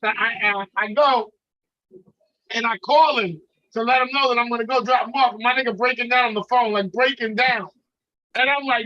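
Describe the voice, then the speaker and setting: A man telling a profane, animated story in a casual podcast chat, acting out the dialogue. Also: extremely high pitch, quick pace, highs cut off.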